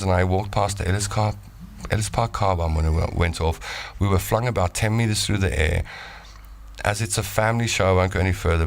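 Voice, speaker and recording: Gravelly deep-voiced host. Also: male voice, slight background noise. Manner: lively and playful, reading voice notes. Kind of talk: live talk show chat.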